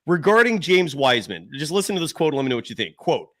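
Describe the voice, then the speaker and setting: A man hosts a live postgame basketball show from his home. He talks in a fairly high, very lively voice. He tells stories with gusto and acts out the people he quotes. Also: quick pace, few pauses. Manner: animated storyteller, acts out quotes and yelling. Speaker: show host.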